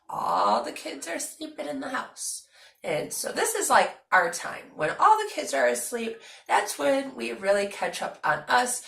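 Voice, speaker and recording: A young woman talks to her viewers in a chatty, animated way, her pitch swinging widely. Her voice is bright with a gravelly edge. The sound is echoey, as if she is in a bare room. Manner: chatty, animated and talkative, with frequent fillers. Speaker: vlogger. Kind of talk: casual storytelling vlog.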